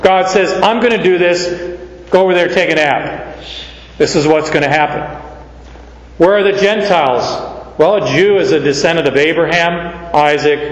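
A man from Canada teaching a verse-by-verse Bible sermon as a pastor, slow and emphatic, asking rhetorical questions. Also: on the high side. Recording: echoey hall, dull lo-fi sound.

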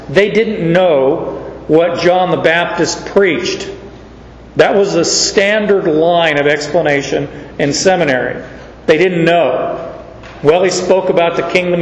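A male pastor preaching a sermon, teaching slowly through Bible verses with chuckles. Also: on the high side. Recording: echoey church hall, dull sound, faint noise.

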